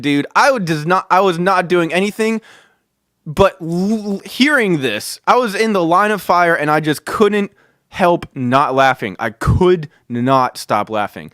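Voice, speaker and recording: A man hosting a podcast, telling a story in a casual, excitable way, swearing and calling the listener "dude" again and again. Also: high voice, unhurried, dry recording, studio quality. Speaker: podcast host.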